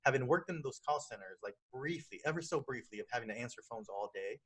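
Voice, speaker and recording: A man's voice: mid-range voice, fast, breathy edge. A man hosting a casual podcast conversation, talking animatedly and persuasively, acting out phone calls as he argues his point. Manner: animated, acts out phone calls in quoted voices; persuasive, repeats points for emphasis. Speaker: podcast host.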